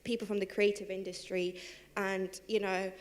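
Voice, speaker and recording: A young woman who is a guest on a live panel, talking quickly and casually about her life, with plenty of fillers and laughing at herself. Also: medium pitch, flat delivery. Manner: fast, chatty, lots of fillers, laughs at herself. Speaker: panel guest, civil servant and henna artist. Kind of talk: live panel talk, personal storytelling. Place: theatre stage.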